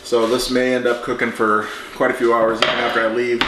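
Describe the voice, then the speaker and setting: A man hosting a home cooking show, talking through a recipe in a relaxed, chatty way as he works in his kitchen. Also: medium pitch, a little fast, very noisy. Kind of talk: casual cooking demonstration. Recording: echoey kitchen with clattering dishes.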